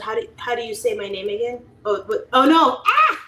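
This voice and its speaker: A woman's voice: medium pitch, big pitch swings, moderate pace, sharp tone. A woman in her late thirties hosting a livestream, casually chatting and reading viewer comments aloud, laughing often. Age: 30s. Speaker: livestream host. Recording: echoey room with faint ambient noise.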